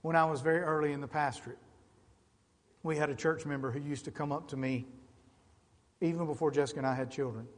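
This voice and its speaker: Impassioned pastor, ringing in a church hall. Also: male voice, a little high, steady tone, fast talker, pauses often. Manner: impassioned, building from quiet to loud emphatic calls. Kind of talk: sermon. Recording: long reverb of a large church hall.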